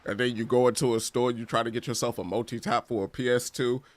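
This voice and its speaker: A man's voice: medium pitch, little pitch movement, fast, no room sound. A man streaming a game playthrough, chatting casually in slang, laughing often and reading game text aloud. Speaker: gaming streamer. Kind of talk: casual let's-play commentary.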